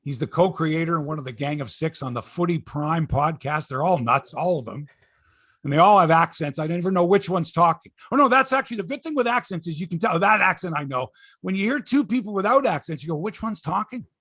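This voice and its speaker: A man's voice: fairly high pitch, lively intonation, fairly quick, a bit bright, dry recording, clean studio sound. A middle-aged man hosting a sports podcast in casual chat, rambling, opinionated and joking. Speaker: podcast host.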